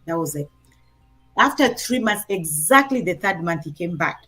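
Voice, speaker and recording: A woman's voice: on the low side, normal speed, soft background music. A middle-aged woman with a Kenyan accent, telling a parenting story in a conversation and acting out the quotes. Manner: animated, acts out quotes in her story. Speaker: guest sharing a parenting story.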